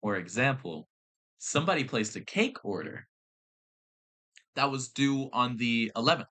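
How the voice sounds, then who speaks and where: A young man holds the mic on his own podcast and tells stories in a loose, exasperated way, swearing freely and restarting his sentences. His voice has a bright, forceful edge, sitting at an ordinary pitch for a man. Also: lively intonation, unhurried. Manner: exasperated ranting with profanity and restarts. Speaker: podcast host. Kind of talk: casual storytelling chat.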